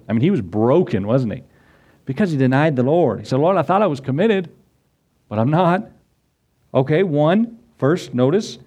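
Guy preaching a sermon, kinda high voice, gets emphatic, slows way down reading verses. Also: darkish tone. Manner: emphatic, rising in pitch on key points; reads scripture slowly and deliberately. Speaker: pastor.

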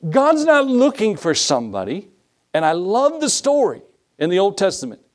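A man's voice: high voice, wildly swooping pitch, moderate pace. A male pastor preaching a conversational sermon, acting out little dialogues and asking the congregation rhetorical questions.

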